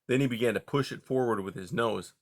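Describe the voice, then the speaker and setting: A man narrating a children's novel in a steady, measured reading style. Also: medium pitch. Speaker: audiobook reader. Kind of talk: storybook narration.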